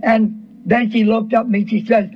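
Husky high-voiced preacher on lo-fi radio. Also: male voice, flat delivery. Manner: earnest and halting, with many repeated words. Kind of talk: sermon. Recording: dull lo-fi radio broadcast recording.

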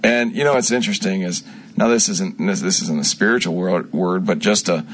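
A man with a low, husky voice plays a self-proclaimed prophet on the radio, talking fairly quickly without a script. He rambles and restarts frequently, his volume swinging abruptly from loud to soft.

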